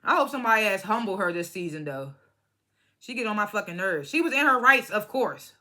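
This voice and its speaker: A woman's voice: medium pitch, lively intonation, fairly quick, sharp tone. Blunt, cursing young woman reviewing reality TV. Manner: blunt, profane and opinionated, mimics cast members. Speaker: reality TV recap vlogger. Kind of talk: casual reality show review.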